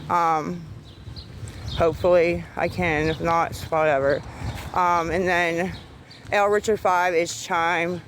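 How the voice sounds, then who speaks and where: A woman's voice: on the low side, level tone, slow pace, slight background noise, poor audio. A woman livestreaming on her phone, ranting in an agitated, profane way and rambling between topics. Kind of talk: rambling live-stream talk.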